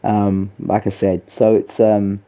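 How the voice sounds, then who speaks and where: A man giving a personal spoken tribute as a boxing channel host, grieving, soft and halting, with many pauses and fillers. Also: fairly low pitch, monotone.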